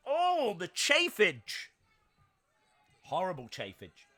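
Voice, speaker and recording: A man hosting a live wrestling watch-along stream, commenting in a jokey, excitable way and breaking into shouts at big moments. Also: sits high, slow, pauses often.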